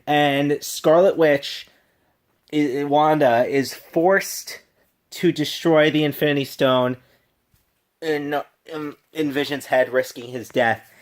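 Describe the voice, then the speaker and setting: A man's voice: fairly high pitch, fairly even intonation, takes it slowly. Tipsy man gushing in a rambling review. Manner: rambling, gushing, with restarts and laughs. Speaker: vlogger reviewing a film. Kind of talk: casual unscripted review.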